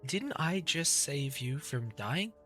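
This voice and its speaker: A man voicing a squeamish, dramatic young male bard godling in a shrill, whiny and sassy tone. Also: animated, slow, a bit bright, faint music behind.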